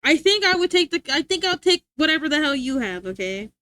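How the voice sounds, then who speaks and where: Playful streamer lady teasing her chat, high bright voice, dry close mic. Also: very animated, brisk, no echo. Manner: playful, teasing, laughs often. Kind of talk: casual live-stream chat.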